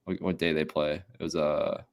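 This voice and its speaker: A man's voice: very deep voice, level tone, moderate pace. A man co-hosting a sports podcast, chatting casually, rambling a bit, laughing and swearing now and then. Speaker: podcast co-host.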